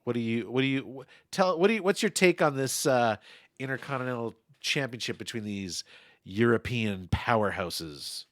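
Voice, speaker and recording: A man's voice: mid-range voice, expressive, normal speed, fairly bright tone, dry recording, clean studio sound. A man hosting a casual podcast, moving the talk along and giving his opinions. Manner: chatty, runs the segments. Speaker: podcast host. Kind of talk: casual chat.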